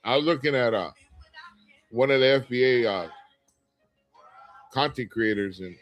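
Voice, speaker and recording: A man's voice: mid-range voice, unhurried, highs cut off, faint music behind. Candid middle-aged man hosting a livestream. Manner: candid, rambling, with frequent fillers and restarts. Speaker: livestream host. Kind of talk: casual livestream chat, reading viewer comments aloud.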